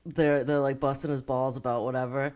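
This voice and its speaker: A woman's voice: extremely low pitch, flat delivery, brisk, darkish tone. Young woman, podcast co-host, casual movie chat, rambling, filler-heavy, laughs often, swears freely.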